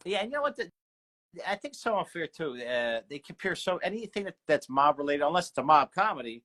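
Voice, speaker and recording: Philly guy hosting a chat show, bright tense voice, bit higher, keeps chiming in yeah yeah. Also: sing-song. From South Philadelphia. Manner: chatty, agreeable, quick to chime in. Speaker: host. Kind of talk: casual interview chat, reading viewer questions.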